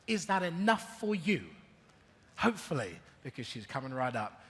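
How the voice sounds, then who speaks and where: High-pitched, bright-voiced male event host. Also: normal speed. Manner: energetic, rousing the crowd. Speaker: event host and panel moderator. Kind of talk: live conference hosting. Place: large conference hall with audience. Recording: hall reverb, crowd.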